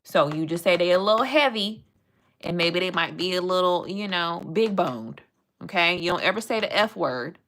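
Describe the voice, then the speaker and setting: A woman's voice: fairly low pitch, expressive, moderate pace, a bit bright, a little hiss or hum. A young woman chatting playfully with her live-stream chat and reading animal facts aloud.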